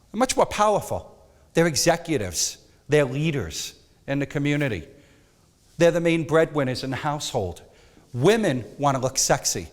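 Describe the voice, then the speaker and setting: A man teaching a photography workshop, emphatic and animated, sometimes dropping to a soft coaxing tone. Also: on the high side, in a large hall. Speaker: photography instructor.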